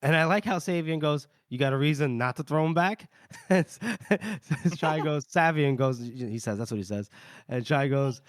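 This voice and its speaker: A man's voice: on the high side, expressive, dry recording, studio quality. A man co-hosting a podcast, casually recapping a novel's chapters and slipping into brief character voices with frequent laughs. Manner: retells scenes with quick put-on character lines and laughs. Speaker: podcast co-host. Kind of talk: casual chat recapping a book.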